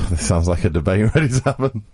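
A man's voice: fairly low pitch, expressive, darkish tone, breathy edge. A man co-hosting a radio talk show, asking curious questions in casual studio banter. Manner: curious, quick to laugh. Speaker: radio co-host.

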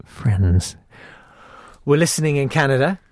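A man's voice: medium pitch, expressive, darkish tone, dry recording, clean studio sound. A man hosting a casual radio chat, teasing his guest and stammering as he talks. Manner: teasing, halting, stammers and laughs. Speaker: radio host.

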